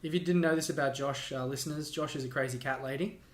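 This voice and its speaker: A man's voice: medium pitch, fairly even intonation, fast, a little hiss or hum. A man co-hosting a comedy podcast in easygoing, laughing banter. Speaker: podcast co-host. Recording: roomy echo.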